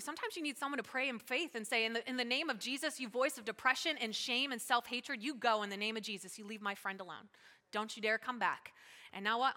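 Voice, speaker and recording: A woman pastor preaches to her church in a chatty, lively way, full of asides and quick laughs. Her voice is bright, forceful and a little high. The sound rings with the long reverb of a large hall. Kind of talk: sermon. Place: church sanctuary.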